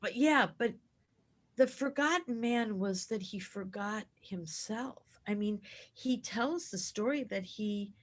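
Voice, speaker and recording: Lady talking slow about an old film, acting out scenes as she goes. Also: mid-range voice. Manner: animated, acts out film scenes. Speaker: film club co-host. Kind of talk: casual chat.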